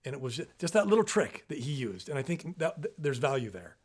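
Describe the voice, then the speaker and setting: A man's voice: medium pitch, big pitch swings, fairly quick, husky. Give me a man co-hosting a parenting podcast, easygoing and explanatory. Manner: storytelling, explanatory. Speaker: podcast co-host. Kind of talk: casual parenting talk.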